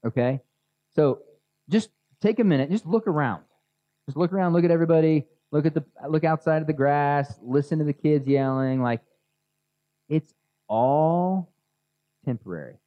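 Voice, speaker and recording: A man's voice: fairly high pitch, dry recording. Casual, dull-sounding male preacher. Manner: casual and conversational, guiding listeners through imagining. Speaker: pastor. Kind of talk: sermon. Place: outdoors near a grassy area with children.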